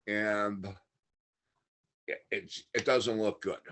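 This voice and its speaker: A man's voice: fairly low pitch, slow, pauses often, fairly bright tone. Candid man recounting a long ordeal. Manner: candid, matter-of-fact retelling of a long ordeal. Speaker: podcast guest. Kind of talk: casual interview storytelling.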